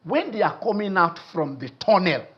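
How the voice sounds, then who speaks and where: Excitable Nigerian man hosting call-ins. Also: high voice, moderate pace, lo-fi sound. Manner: excitable, repeats words, trails off mid-sentence. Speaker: sports talk show host. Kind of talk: animated phone-in sports talk.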